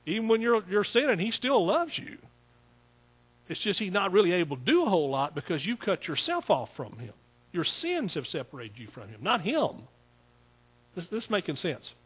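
A man's voice: on the high side, a bit bright, husky. A pastor preaching a sermon to a small congregation in a conversational way, repeating words and asking his listeners questions.

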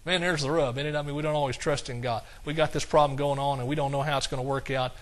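A man preaching a sermon in a folksy way, slowing down to quote scripture in a measured cadence and chuckling at his own jokes. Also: mid-range voice, steady tone.

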